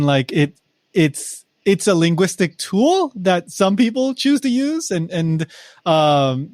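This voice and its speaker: Male co-host, raised pitch, dry close mic, relaxed conversational chat. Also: no room sound. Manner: relaxed, adds examples and qualifications to the discussion. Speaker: podcast co-host. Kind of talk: casual chat.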